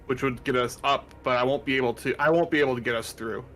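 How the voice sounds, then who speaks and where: A man's voice: medium pitch, fairly even intonation, fast, fairly bright tone, a little hiss or hum. A man playing in a tabletop game, chatting casually with a slight drawl. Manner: drawling and joking, talks about his plans. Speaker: player.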